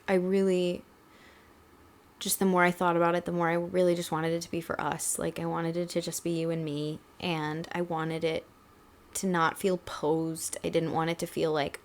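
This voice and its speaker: A woman's voice: lowish voice, little pitch movement, moderate pace. A young woman co-hosting a podcast, talking casually with many fillers. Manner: chatty, many "like" fillers, tearful at times. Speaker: podcast co-host. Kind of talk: casual chat.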